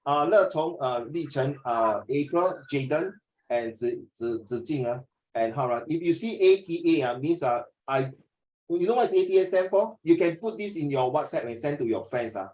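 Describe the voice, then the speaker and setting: A Singaporean man tutoring students in a casual, joking lesson, teasing them and mixing languages as he talks. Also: normal speed. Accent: Singaporean English. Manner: animated, teasing, mixes languages, lively pitch swings.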